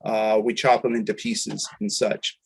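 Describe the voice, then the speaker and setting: A man co-hosting an online webinar, giving welcomes and housekeeping notes in a hesitant way with many filler pauses, over a video call. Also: on the low side, little pitch movement, creaky, breathy edge. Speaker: webinar co-host. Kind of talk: casual online meeting chat and housekeeping announcements.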